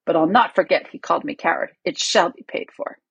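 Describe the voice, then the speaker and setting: A woman's voice: on the low side, brisk, creaky, a bit bright, breathy edge, no echo, dull audio, full character voice. A woman voicing a scheming nobleman. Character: scheming male nobleman lord.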